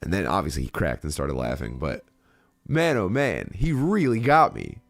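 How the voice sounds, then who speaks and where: A man in his forties hosting a casual stream, telling a rambling, animated story full of restarts and swearing. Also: low-pitched, normal speed, creaky, dry recording. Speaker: streamer host. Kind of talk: casual storytelling to a live chat.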